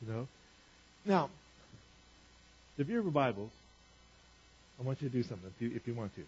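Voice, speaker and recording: A male pastor preaching a sermon in a conversational way, repeating phrases and rising in pitch for emphasis. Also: very animated, a little fast, a little mellow, husky. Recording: dull lo-fi recording.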